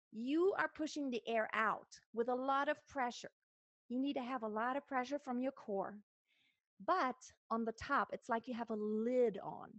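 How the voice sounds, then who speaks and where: A woman's voice: sits high, no echo. A woman vocal coach giving a singing lesson in an earnest, instructive way, breaking off to sing examples. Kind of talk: singing lesson with sung demonstrations.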